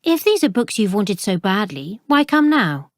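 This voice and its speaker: A woman's voice: medium pitch, very animated, normal speed, dry recording, clean studio sound. A woman voicing a guarded young bookshop owner. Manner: polite but guarded.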